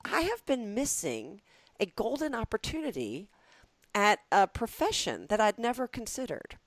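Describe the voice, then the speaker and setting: A woman's voice: a little high, big pitch swings, moderate pace, no room sound. Southern woman podcast co-host, dry playful wit, close dry mic. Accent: Southern American. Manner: dry, playful teasing with comic build-ups. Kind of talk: casual comedic chat. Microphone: podcast microphone.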